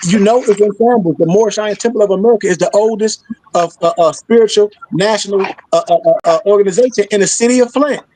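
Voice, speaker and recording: A man's voice: high-pitched, fast talker, a little mellow, rough recording. A man hosting a discussion, blunt and sarcastic in a preaching manner, from Michigan. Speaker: host. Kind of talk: heated discussion.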